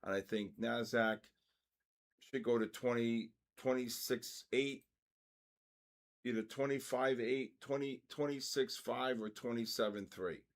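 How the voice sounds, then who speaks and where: An older man hosting a live trading stream, excitedly calling out price moves and giving quick trade advice. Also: medium pitch. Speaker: trading livestream host. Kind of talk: live market commentary.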